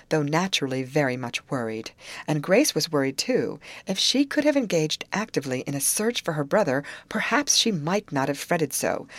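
Low-voiced woman reading a novel aloud. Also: no echo. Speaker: audiobook reader. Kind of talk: scripted narration of a classic novel.

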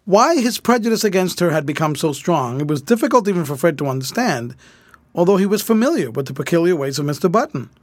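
A man narrating an old adventure story as an audiobook reader. His voice sits a little high and moves expressively through each sentence. The recording is dry and close. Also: fast talker, no room sound. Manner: animated, expressive reading.

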